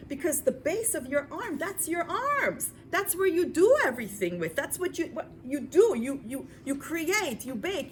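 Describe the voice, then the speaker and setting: A woman from New York giving a lecture to a women's class, dramatic, swinging between loud emphasis and near whispers, repeating words for emphasis. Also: high-pitched, a little hiss or hum. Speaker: Torah lecturer.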